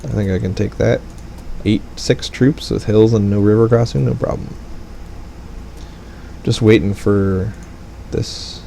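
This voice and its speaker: A man's voice: lowish voice, steady tone, unhurried, creaky, long pauses, warm tone, slight background noise, rough recording. A man giving casual, rambling commentary over a strategy game, with wry asides. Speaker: gaming let's play commentator.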